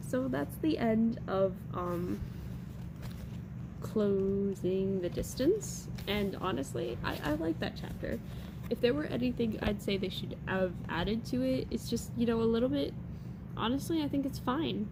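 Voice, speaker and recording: A woman's voice: fairly high pitch, a little slow, background noise. A young woman casually reviewing a manga from her college dorm room, chatty and rambling. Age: young adult. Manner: chatty and rambling, with restarts and fillers.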